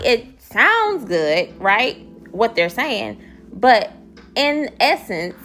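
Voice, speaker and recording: A woman's voice: mid-range voice, a bit bright. A woman casually recapping a TV show in a chatty, slangy, gossipy way. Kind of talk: casual chat.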